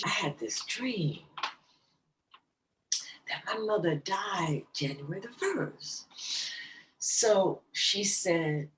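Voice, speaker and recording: A woman guest in an interview, telling a personal story in a slow, halting, emotional way. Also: sits low, far from the mic, a little hiss or hum, low-quality recording.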